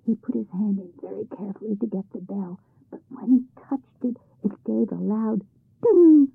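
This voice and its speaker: Husky woman reading a folk tale. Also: mid-range voice, lively intonation, moderate pace. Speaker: narrator. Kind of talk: storybook narration. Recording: tinny phone-like sound.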